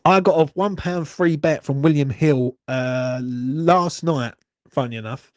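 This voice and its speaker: A man's voice: on the high side, a little slow, a little mellow, no echo, studio quality. A young man hosting a live watchalong stream, chatting in a rambling, sweary, self-mocking way into his phone. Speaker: watchalong host. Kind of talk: casual live-stream chat.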